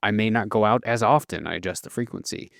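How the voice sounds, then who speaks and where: Low-ish guy on a nutrition podcast, thinking out loud with lots of restarts, dry close sound. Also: quick pace, creaky, no echo. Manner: reflective, talks with many restarts and fillers. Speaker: podcast co-host, nutrition coach. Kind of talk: casual podcast chat.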